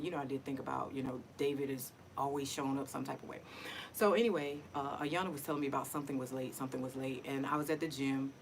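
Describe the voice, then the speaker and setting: A woman's voice: a bass voice, a little hiss or hum, rough recording. A middle-aged woman talking casually and emotionally to her viewers in a personal vlog, often repeating herself. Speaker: vlogger.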